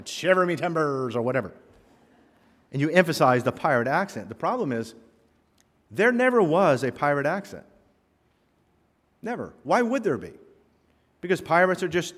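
A man preaching in a church sanctuary, his voice swinging up and down as he tells stories and drops punchy asides. The long reverb of a big hall trails after every line. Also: medium pitch. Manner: animated storytelling with punchy asides. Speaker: pastor. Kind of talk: sermon.

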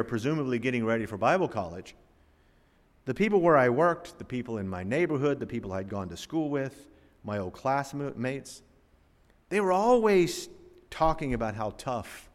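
A man from Florida preaches to his congregation in a relaxed, storytelling way and speaks to them directly. His voice sits at an ordinary middle pitch for a man. Each line rings out in the long reverb of a church sanctuary. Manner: folksy and conversational, addresses the congregation directly. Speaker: pastor. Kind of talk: storytelling sermon.

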